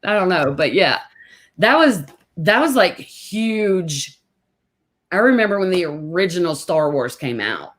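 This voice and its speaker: A woman's voice: on the low side, measured pace. A middle-aged woman hosting a casual interview, telling stories chattily and acting out other people's lines with animation. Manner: chatty storyteller, animated when quoting others. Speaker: host.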